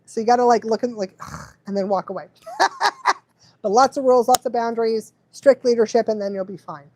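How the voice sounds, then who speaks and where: A woman's voice: a little high, fairly even intonation, a little fast, dark tone, slight background noise. A woman dog trainer hosting a live stream, rambling and laughing often as she goes off on tangents. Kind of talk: casual live stream chat.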